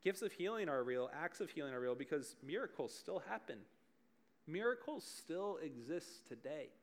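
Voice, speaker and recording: Man, 30s, youth-style preacher with a slightly high voice, casual and chatty, animated storyteller. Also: moderate pace. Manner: animated and chatty, full of "like" and restarts, laughing at his own stories. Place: church service in front of a group.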